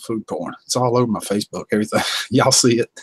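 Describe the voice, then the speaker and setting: Southern guy from north carolina, folksy live stream chat, drawls along reading comments, kinda husky, dry sound. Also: mid-range voice, racing, dry recording, low-quality recording. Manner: folksy, drawling, reads viewer comments aloud.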